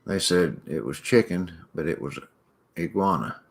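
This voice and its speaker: A middle-aged man with a lowish voice hosts a relaxed livestream. He talks in a folksy, rambling way, greeting viewers by name and chatting about whatever comes up in the comments. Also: moderate pace. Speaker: livestream host reading viewer chat. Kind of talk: casual chat.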